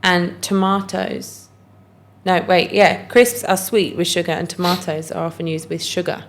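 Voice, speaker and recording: A woman, co-hosting a casual podcast chat, telling stories in a lively, self-mocking way. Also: lowish voice, normal speed, a little hiss or hum. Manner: chatty, animated storyteller, self-mocking. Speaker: podcast co-host.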